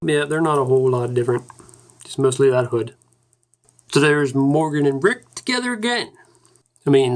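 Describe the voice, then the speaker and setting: A man giving a casual toy review in a rambling, offhand way. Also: fairly high pitch. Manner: rambling and offhand, with loose restarts.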